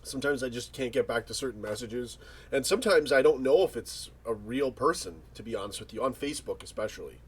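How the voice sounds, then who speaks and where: A man's voice: medium pitch, lively intonation, brisk, husky. A man hosting a casual livestream, reading viewer comments and chatting in rambling, joking banter with frequent restarts. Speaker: livestream host.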